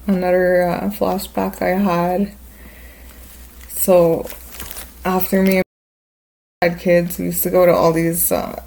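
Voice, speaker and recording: A woman's voice: on the low side, gravelly, dark tone, poor audio. A woman hosting a podcast, telling stories in a rambling, laid-back way with many fillers. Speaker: podcast host. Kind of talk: casual storytelling.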